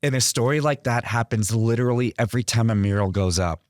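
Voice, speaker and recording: A man's voice: mid-range voice, quick pace, no room sound. A man as a guest in an interview, telling his stories earnestly. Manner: earnest storyteller. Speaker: guest artist. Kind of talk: interview conversation.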